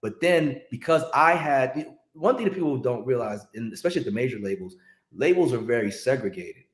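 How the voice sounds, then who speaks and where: A man, a longtime record promotion rep, telling stories in a casual interview in an animated, slangy way. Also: mid-range voice, brisk, echoey room. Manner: animated, slangy, restarts when excited.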